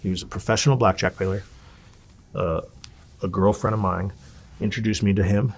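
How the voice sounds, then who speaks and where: Man, husky voice, fairly low, casual storytelling, blunt and animated, swears. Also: normal speed. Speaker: interview guest.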